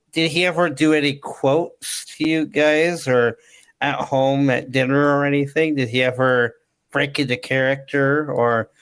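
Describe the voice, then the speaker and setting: A podcast host runs a casual interview. They sound curious and ask follow-up questions with a few hesitations. The voice stays at a middle pitch. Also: clear, resonant tone.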